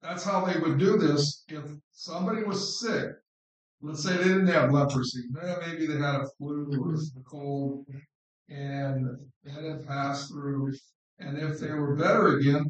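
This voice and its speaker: A man preaching an informal sermon on scripture in an unhurried, conversational way, repeating words for stress. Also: a little high, steady tone. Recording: very echoey room, distant mic.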